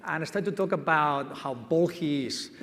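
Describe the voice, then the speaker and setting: Man, fairly high voice, lively self-deprecating storytelling, long hall reverb. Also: normal speed, vocal fry, a little hiss or hum. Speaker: medtech company CEO. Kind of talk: onstage anecdote telling. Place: large conference hall stage.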